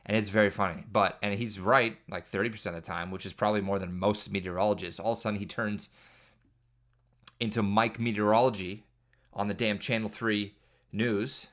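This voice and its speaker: Fairly quick and steady in tone, this podcast host's fairly low, slightly bright voice carries a casual solo comedy monologue. He drifts from parenting story to parenting story, piling on jokes and exaggeration.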